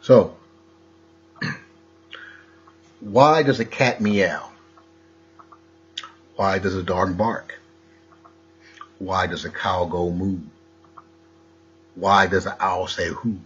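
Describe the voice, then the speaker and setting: Husky low-voiced guy preaching slow, lo-fi sound, lots of rhetorical questions. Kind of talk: rambling wordplay monologue.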